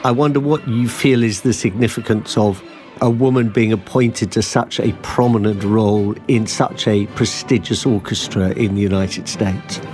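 A man interviewing a guest, asking measured, probing questions. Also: on the low side, steady tone, darkish tone, soft background music. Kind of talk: broadcast interview.

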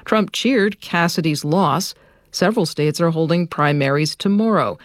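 A man reading national radio news headlines in a crisp, formal way. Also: fairly high pitch, dry recording, studio quality. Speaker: national newscaster.

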